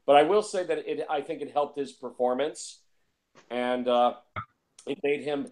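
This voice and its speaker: A man's voice: medium pitch, fairly even intonation, moderate pace. A man talking casually about films, rambling and repeating himself with lots of fillers. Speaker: film reviewer. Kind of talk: casual film discussion.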